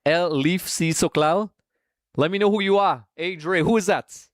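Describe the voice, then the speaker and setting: A man chats casually as the host of a live stream, greeting viewers by name and calling them folks. His voice sits fairly high for a man. The sound is dry, with no room echo. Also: moderate pace. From Trinidad. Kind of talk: casual live watch-along chat.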